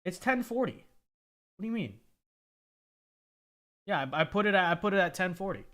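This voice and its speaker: A man's voice: high-pitched, lively intonation, normal speed, fairly bright tone. A man hosting a casual livestream, reading super chats with stammering repeats and a frequent "okay?". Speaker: livestream host.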